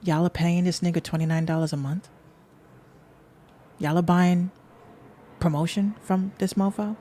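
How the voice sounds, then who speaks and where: A woman's voice: on the low side, fairly even intonation, moderate pace, background noise. A woman from the Bronx with a New York accent, hosting a podcast in a blunt, profane, sarcastic rant aimed at her listeners. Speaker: podcast host.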